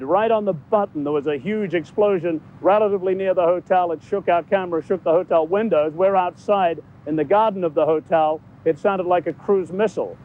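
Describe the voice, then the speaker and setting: A male war correspondent giving a live field report from a hotel garden outdoors, speaking in a measured, halting way with many fillers. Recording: phone-like line with background rumble.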